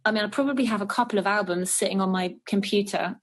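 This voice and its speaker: A woman's voice: medium pitch, fast. Chatty woman singer, rambling. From England. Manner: chatty, rambling, many fillers and restarts. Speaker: jazz and soul singer, guest. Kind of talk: casual interview chat. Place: living on the French Riviera.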